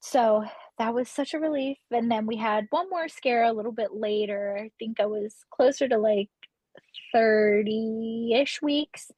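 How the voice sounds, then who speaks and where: A woman's voice: a little high, moderate pace, hardly any pauses, darkish tone, no room sound, rough recording. A woman in her thirties telling a personal story on a podcast, emotional and acting out the voices of the people she quotes. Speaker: podcast guest. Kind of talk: casual interview storytelling.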